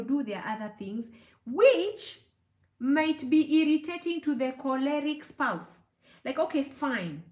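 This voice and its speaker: Middle-aged woman counselor lecturing, lively up and down voice, lots of "you know", echoey room. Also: on the high side. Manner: emphatic, with frequent "you know" and "okay?" asides. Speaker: counseling psychologist. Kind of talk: teaching talk to camera.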